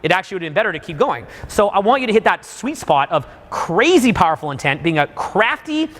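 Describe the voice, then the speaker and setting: A man coaching a live seminar audience, animated, suddenly bursting into loud acted-out examples. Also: sits high, fast talker. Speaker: dating coach. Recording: long hall reverb.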